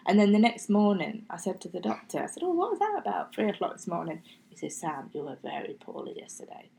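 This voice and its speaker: With huge pitch swings, a fast pace, and a creaky, warm mid-range voice, a middle-aged woman guests on a podcast recorded in low quality. She tells her story casually and chattily, acting out quoted speech and dropping to near-whispers now and then.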